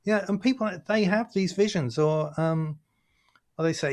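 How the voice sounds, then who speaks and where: A man, a guest chatting on a video call, telling lively stories and acting out other people's voices. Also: on the high side, moderate pace, creaky. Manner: animated storytelling, acts out voices of others. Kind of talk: casual interview chat.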